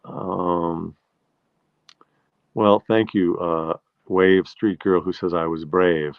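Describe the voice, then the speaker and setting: Deep-voiced man, rambling stories. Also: fairly even intonation, takes it slowly, no room sound, narrow, tinny audio. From New York, USA. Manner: rambling, anecdotal, with many restarts. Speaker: show host. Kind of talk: live-stream chat, answering viewer comments.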